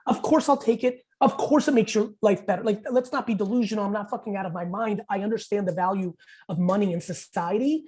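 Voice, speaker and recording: A man in his forties, a podcast guest, telling stories in blunt, profane, rapid-fire talk. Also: high-pitched, darkish tone. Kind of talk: casual podcast interview.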